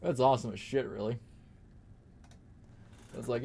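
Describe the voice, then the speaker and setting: A young man streams a game and chats casually as he plays, rambling, swearing freely, and laughing often. His mid-range voice moves at a moderate pace, with slight noise in the background.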